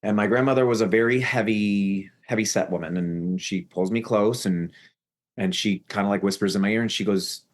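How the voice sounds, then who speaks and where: Man recounting his story with rising intensity. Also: normal speed. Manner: earnest, voice rising high when reliving the shouting. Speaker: guest telling his life story. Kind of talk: emotional personal storytelling.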